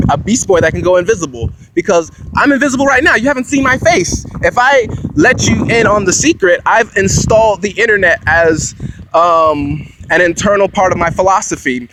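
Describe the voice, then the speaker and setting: A man's voice: fairly high pitch, background noise. Rambling young man on a phone mic. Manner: rambling, self-mocking, jumps between grand claims. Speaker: vlogger. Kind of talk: rambling monologue.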